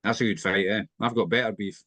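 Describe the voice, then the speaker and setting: A man's voice: fairly low pitch, steady tone, fast, pushed and bright, dry recording. A man, rambling through boxing memories in a casual podcast chat, often ending lines with a question. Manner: rambling, questioning tag ends.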